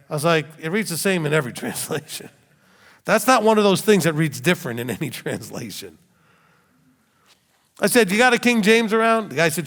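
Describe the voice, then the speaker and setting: A middle-aged rabbi teaches a Bible study as an animated sermon, weaving in stories, laughter, and rhetorical questions. His voice is fairly high and fairly bright, very animated and brisk, with long hall reverb on the recording.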